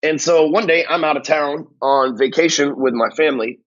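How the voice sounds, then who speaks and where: A foul-mouthed man ranting bluntly about his past, swearing at every turn. His voice sits a little high for a man, and the recording is slightly dull and lo-fi. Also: moderate pace, fairly bright tone. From North Texas. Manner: blunt, angry, swears constantly. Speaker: sales coach telling his story. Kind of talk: profane casual monologue.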